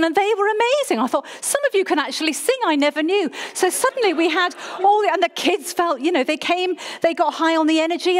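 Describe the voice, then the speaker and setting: A middle-aged woman, preaching in storytelling style and acting out her own past words with lively jumps in voice. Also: very high-pitched. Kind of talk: sermon storytelling.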